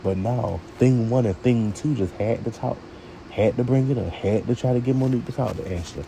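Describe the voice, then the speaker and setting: A man's voice: mid-range voice, brisk, gravelly, noisy background. A man reviewing a TV show in a sassy, opinionated rant, talking straight to his viewers.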